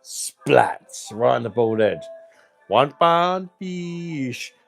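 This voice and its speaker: Hawker's call for a cheap fish stall, loud sing-song male chant, higher than his own voice, as a man puts it on. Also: takes it slowly, vocal fry, faint music behind. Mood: hawking.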